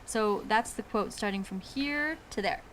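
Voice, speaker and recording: A woman's voice: medium pitch, measured pace, fairly bright tone, slight background noise. A woman hosting a live talk-show stream, upbeat and giggly as she runs a contest. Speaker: host.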